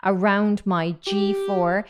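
Loud music plays behind this woman in her thirties as she coaches singing technique, chatty and enthusiastic, demonstrating sounds. Her voice is medium in pitch with little movement, delivered at a slow pace.

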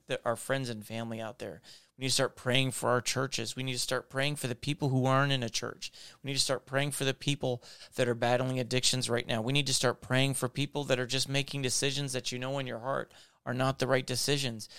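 A man's voice: mid-range voice, fairly bright tone, smooth, no echo, studio quality. A man hosting a devotional podcast, preaching in repetitive, building exhortations. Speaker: podcast host.

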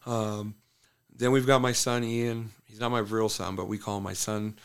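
A man with a gravelly, creaky voice chats loosely in a sit-down interview. He tells stories about his fighters in a meandering way, full of "like" and restarts. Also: fairly low pitch, flat delivery, normal speed. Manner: loose storytelling with frequent "like" and restarts. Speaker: MMA fighter and trainer, interview guest. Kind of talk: casual sit-down conversation.

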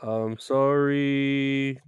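Unhurried, profane male live streamer. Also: medium pitch, steady tone, clear, resonant tone, dry recording, dull audio. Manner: loose and profane, greets viewers, laughs often. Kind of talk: casual live-stream chat.

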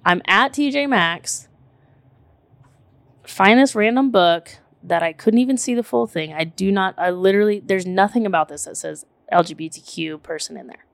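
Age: 30s. Sex: woman. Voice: gravelly, dry. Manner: animated, emphatic storytelling. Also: medium pitch, normal speed, no echo. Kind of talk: casual chat.

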